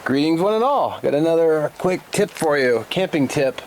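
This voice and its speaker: A man's voice: a little high, expressive, moderate pace, slight background noise. A man in a casual camping tip video, talking in a rambling, plainspoken way. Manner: rambling, plainspoken, self-correcting.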